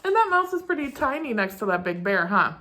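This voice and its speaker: A woman's voice: a little high, very animated, a little fast, noisy background. Young woman preschool teacher, sing-song storytime voice, upper register, full of praise. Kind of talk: talking to young children and reading a picture book aloud.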